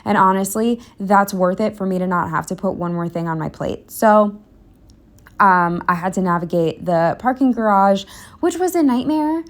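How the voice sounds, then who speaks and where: Young woman vlogger, mid pitch, candid rambling voice-over, a bit breathless. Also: normal speed. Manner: candid, self-deprecating, rambling with fillers. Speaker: planner vlogger. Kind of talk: casual voice-over narration.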